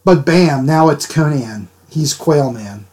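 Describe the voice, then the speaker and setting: A man's voice: fairly high pitch, expressive, slow pace, darkish tone. A man chatting casually with his livestream viewers while he inks drawings, rambling and laughing as he answers them. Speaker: art livestreamer.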